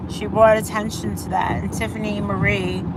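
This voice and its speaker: A woman on a live stream retelling a dispute in a drawn-out, profane way. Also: mid-range voice, little pitch movement, background noise. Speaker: livestreamer telling her side. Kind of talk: slow storytelling on a live stream.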